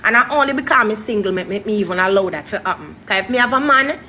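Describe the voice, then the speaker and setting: A young woman, a guest telling her story in an interview in an animated, dramatic way. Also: medium pitch, fast talker, a little hiss or hum. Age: young adult.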